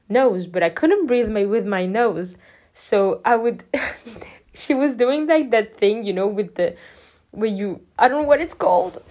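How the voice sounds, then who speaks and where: A woman's voice: mid-range voice, warm tone. A young woman vlogger telling a personal story in a chatty, rambling way. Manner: chatty and rambling, full of "like" and quick laughs.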